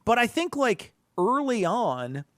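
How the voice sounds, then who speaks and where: A man from Northern Illinois talks casually as a podcast co-host. His delivery rambles and restarts, with a pitch that leaps up and down as he gets worked up. The sound is dry and close to the mic. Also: takes it slowly, no echo. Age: adult, past college. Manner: animated, rambling with many restarts and swearing. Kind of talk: casual chat.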